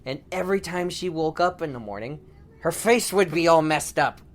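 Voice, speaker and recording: A father telling a playful bedtime story to his daughter, laughing often and shouting the robbers' lines. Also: a little high, expressive, moderate pace. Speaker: storyteller dad.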